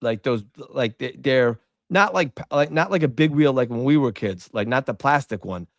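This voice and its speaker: This is a middle-aged man co-hosting a podcast, his medium-pitched voice at a normal speed in a dry, clean studio recording. In casual chat he tells stories with animation, acting out what people said. He swears freely throughout.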